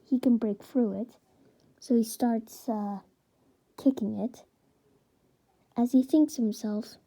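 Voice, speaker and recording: Breathy woman narrator, slow, dark-toned, halting improvised storytelling. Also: a little high, steady tone, low-quality recording. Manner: hesitant, many fillers and restarts. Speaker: fan storyteller.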